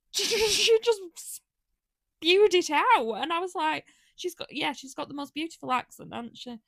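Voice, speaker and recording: A woman with a high, bright voice gushes through a casual podcast chat. She tells stories in an animated way and acts out her own reactions. The sound is dry and close. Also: normal speed, creaky, dry recording. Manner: gushing, animated storytelling with quoted reactions. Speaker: podcast co-host.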